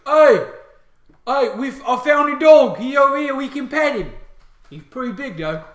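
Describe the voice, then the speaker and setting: High squeaky dumb orc guards done by a guy, loud and whiny, roomy echo. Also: animated, moderate pace. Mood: cheerful. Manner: whiny, loud, simple-minded grumbling. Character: dim-witted squabbling male orc guards. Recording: echoey room.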